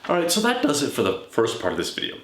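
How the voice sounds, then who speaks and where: A man giving a measured, explanatory lecture as a scholar of religion, often checking in with "all right?". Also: medium pitch, huge pitch swings, fairly bright tone. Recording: echoey room.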